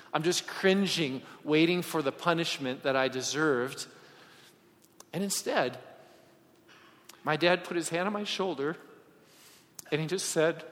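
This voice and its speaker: A man preaching a sermon and telling personal stories, swinging from loud emphasis to hushed asides. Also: a little high. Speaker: pastor. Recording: long hall reverb.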